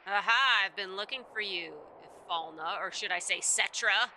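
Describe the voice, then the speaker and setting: A woman's voice: mid-range voice, normal speed, sharp tone, a little hiss or hum, rough recording. A woman voicing a sly, menacing male scientist villain, reading his lines smugly and gloatingly.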